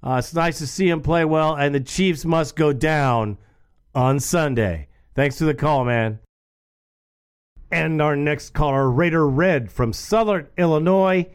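A man's voice: on the high side, measured pace, clear, resonant tone. A man hosting a sports call-in radio show, talking casually and calling the callers brother and bro.

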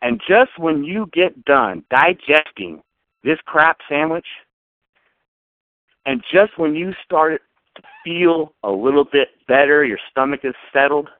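A man's voice: on the high side, very animated, unhurried, no room sound. A man calling in to a show, ranting sarcastically and emphatically as a sports fan. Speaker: caller. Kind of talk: fan call-in rant. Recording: tinny phone line.

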